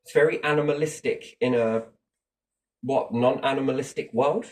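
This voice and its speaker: A man's voice: mid-range voice, moderate pace. A man rambles through his strong opinions in casual conversation, swearing now and then and restarting his sentences. His voice sits in a middle register and sounds a bit distant from the mic. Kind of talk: casual chat.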